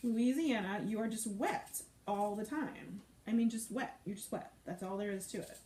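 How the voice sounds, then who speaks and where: A woman hosts a live cooking stream in a mellow, medium-pitched voice at normal speed. She chats playfully and reads viewer comments out loud as she cooks, and the echoey room carries faint noise.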